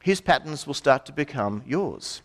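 Lively middle-aged preacher. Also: male voice, mid-range voice, normal speed. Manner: conversational, with asides and rhetorical questions. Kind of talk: sermon.

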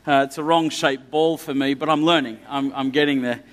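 A man's voice: medium pitch, steady tone, a little fast. An Australian man hosting an on-stage interview at a church, chatty and jokey, laughing often. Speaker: church host. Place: church hall. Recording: long hall reverb.

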